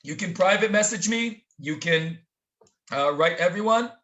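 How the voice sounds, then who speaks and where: Male webinar lecturer, high voice, speaks to the audience as friends, dramatic storytelling. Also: animated, a little slow, bright, forceful tone. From Israel. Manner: direct audience address, calls listeners "friends". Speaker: webinar speaker and tour educator. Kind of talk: live online lecture. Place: home near the Syrian border. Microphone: video call.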